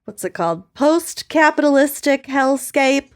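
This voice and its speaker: A woman co-hosting a podcast, chatting casually with a friend in a wry, sardonic way and pausing for effect. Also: sits high, animated. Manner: wry, sardonic humor with dramatic pauses. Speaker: podcast co-host. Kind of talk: casual chat between friends.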